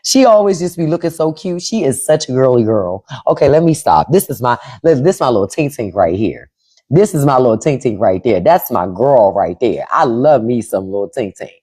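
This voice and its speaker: A woman's voice: extremely low pitch, animated, moderate pace, warm tone, breathy edge. A middle-aged woman hosting a casual livestream from home into a microphone, acting out quoted voices as she talks. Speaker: livestream host.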